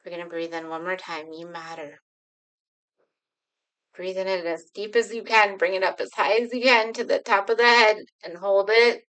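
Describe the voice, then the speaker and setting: A woman leading a slow, soothing guided healing exercise, speaking directly to viewers from home. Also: mid-range voice, fairly even intonation, a bit bright, rough recording. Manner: slow, soothing, repetitive guidance. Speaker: healing coach.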